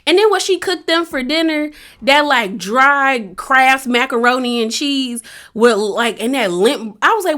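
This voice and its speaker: A woman's voice: high voice, expressive, unhurried, sharp tone. A woman giving a casual, opinionated recap of a reality show. She talks chattily, with a lot of "like", and acts out the quotes.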